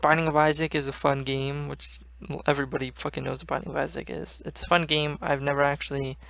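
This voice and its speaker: Flat gravelly young man rambling. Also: on the high side, fast, no echo. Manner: rambling, swears casually, trails off. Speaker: gaming channel host. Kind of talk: casual gaming vlog chat.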